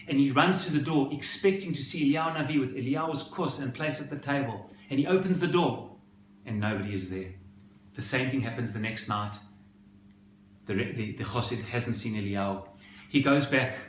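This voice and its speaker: A male rabbi delivers a sermon and tells its story in an expressive, dramatic manner. His voice sits at an ordinary pitch. The recording has a roomy echo and a faint background hiss.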